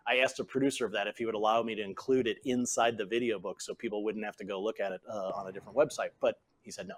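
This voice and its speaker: A middle-aged man, a former CEO and author, talking in a relaxed podcast interview and acting out the people he quotes. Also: lowish voice, very fast. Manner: animated storyteller, acts out quoted voices.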